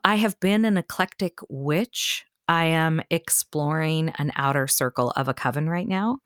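A woman's voice: low voice, moderate pace, clean tone, no room sound, studio quality. A woman co-hosting a podcast, chatting casually and enthusiastically, laughing often. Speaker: podcast co-host.

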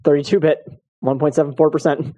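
Mellow dry-voiced male co-host. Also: a little high, little pitch movement, fast talker, muffled recording. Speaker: podcast co-host. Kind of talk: casual tech podcast chat.

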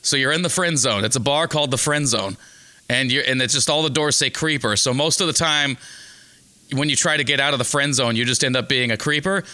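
A man co-hosting a comedy podcast, talking in a loose, rambling way with lots of ums and restarts. His voice is bright and forward, with a smooth, clean tone. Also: mid-range voice, a little fast. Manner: rambling, riffing with fillers and restarts. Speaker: podcast co-host. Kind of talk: casual comedic chat.

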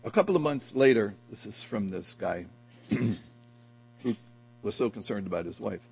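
Gravelly, husky man preaching dramatically. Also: lowish voice, lively intonation, a little slow, low-quality recording. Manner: dramatic, swings from quiet talk to loud cries. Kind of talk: sermon. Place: church hall at a men's breakfast.

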